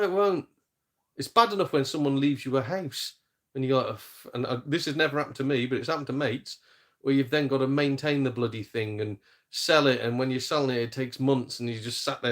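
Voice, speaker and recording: A man's voice: medium pitch, expressive, moderate pace, a bit bright. A middle-aged man hosting a gaming live stream, ranting sarcastically in casual chat and mimicking people in silly voices. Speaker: gaming channel host.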